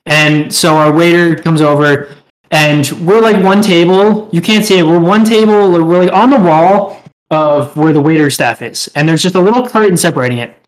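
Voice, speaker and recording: A man's voice: a little high, moderate pace, rough recording. A young man co-hosting a podcast, telling a rambling, profane story in casual chat and laughing as he goes. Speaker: podcast co-host.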